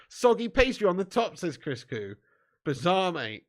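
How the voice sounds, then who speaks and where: A man, live-streaming a football watch-along, chatting with viewers in laddish, sweary banter and laughing often. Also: high voice. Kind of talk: live stream chat and match commentary.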